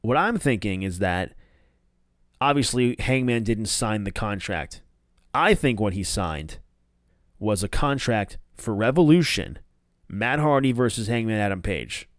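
A man hosts a casual solo review, rambling with restarts and offhand swearing. His voice is smooth and resonant. The recording is dry and close. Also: fairly low pitch, lively intonation, unhurried, a bit bright, no room sound. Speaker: wrestling podcast host.

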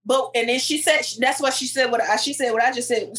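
A woman co-hosting a podcast, retelling stories in animated, slangy casual chat. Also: sits high, fairly quick, hardly any pauses, poor audio. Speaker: podcast co-host.

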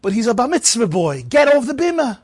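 A man's voice: very high voice, sing-song, brisk, slightly rough, no room sound, clean studio sound, pitched above the performer's own voice, heavily acted. A man doing a curt, scolding synagogue official. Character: brusque male synagogue official, impatient.

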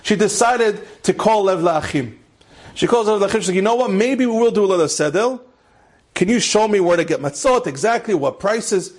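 A man's voice: lively intonation, normal speed. A man, a rabbi, tells an inspirational story with mounting passion and sprinkles in Hebrew and Yiddish terms. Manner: impassioned, climbs higher and louder at emotional peaks. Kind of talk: animated storytelling lecture.

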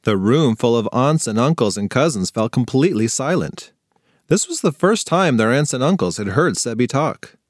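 A man narrating a funny children's story with playful, expressive storytelling on a close mic. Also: mid-range voice, moderate pace, dry recording. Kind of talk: scripted narration for kids.

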